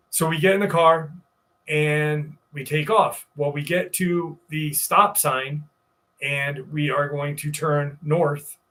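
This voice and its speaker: A New York man in his forties, with a fairly high, fairly bright voice, hosts a live stream. He casually tells a rambling story laced with profanity.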